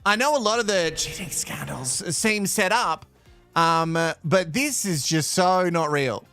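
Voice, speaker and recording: A man's voice: high-pitched, lively intonation, measured pace, sharp tone, no room sound, faint music behind. An Australian man hosting a live watch-along, sarcastic and swearing with bursts of laughter. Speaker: host reacting to a reality show.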